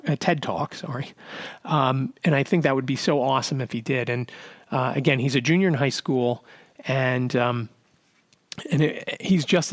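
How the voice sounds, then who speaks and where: A man's voice: mid-range voice, dry recording. Guy rambling thru a podcast story, lots of ums, dead dry sound. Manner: rambling, many fillers and restarts. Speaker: podcast host. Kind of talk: casual storytelling monologue.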